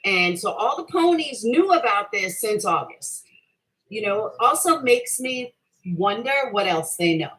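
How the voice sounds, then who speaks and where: A woman's voice: medium pitch, expressive, measured pace, a bit bright, poor audio. A middle-aged woman hosting a livestream, combatively ranting at her chat with heavy swearing, defending herself and repeating her point. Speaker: livestream host answering chat. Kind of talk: heated casual rant.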